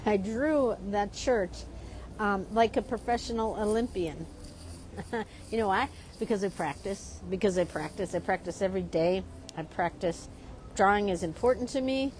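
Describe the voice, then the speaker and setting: A woman from Chicago, a drawing teacher, telling a story in a lively, chatty way while she draws. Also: medium pitch, measured pace, slight background noise. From Chicago, USA. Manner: lively, keeps asking "right?".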